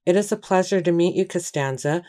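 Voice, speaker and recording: A woman reading the lines of a kind, gentle young male priest in an audiobook, speaking softly and politely. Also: fairly low pitch, brisk, close to an everyday voice. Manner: soft, consoling and polite.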